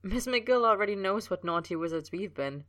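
A woman voicing an earnest, cheeky young man in a fan story reading, pitched up with a breathy pleading edge. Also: animated, moderate pace, a bit bright, no room sound, distant mic, close to an everyday voice.

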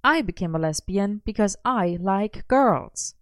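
Woman doing a sardonic young woman, deadpan, unbothered, slow. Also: mid-range voice, no room sound, lightly acted. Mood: dry. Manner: dry, deadpan.

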